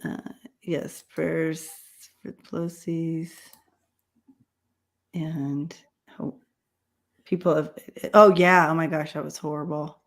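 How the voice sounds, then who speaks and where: A woman's voice: deep voice, little pitch movement, takes it slowly, pauses often. A woman hosting a casual livestream chat who rambles, with many fillers and restarts. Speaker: livestream host.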